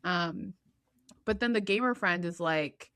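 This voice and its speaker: A woman co-hosting a podcast, retelling a TV drama in a lively casual chat, laughing often and acting out characters' lines. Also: fairly low pitch, a little slow. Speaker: podcast co-host.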